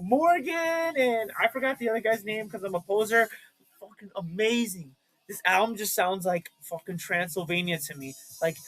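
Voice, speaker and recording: A young man in casual chat, showing off his records with excited, profane enthusiasm. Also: sits high, low-quality recording. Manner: excitable and profane, with bursts of shouting.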